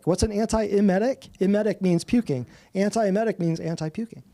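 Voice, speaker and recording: A man teaching a small audience, animated, quizzing them and joking as he goes. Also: sits high, moderate pace. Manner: animated, asks the audience questions, jokes and laughs. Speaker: natural health practitioner teaching a class. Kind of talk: lively lecture to a small audience. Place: office room with a small live audience.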